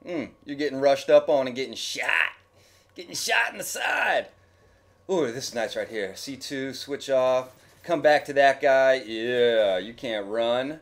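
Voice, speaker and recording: A man talking casually over his gameplay footage as a YouTube gamer, rambling and joking with his viewers. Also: medium pitch. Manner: rambling, chatty, jokey. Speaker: gaming YouTuber.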